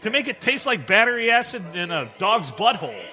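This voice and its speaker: A man's voice: high-pitched, fairly quick. A man co-hosting a podcast live from a tavern, joking crudely and laughing at himself. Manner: animated, crude, self-deprecating, frequent laughter. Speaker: podcast co-host. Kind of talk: crude comedic bar banter. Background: music.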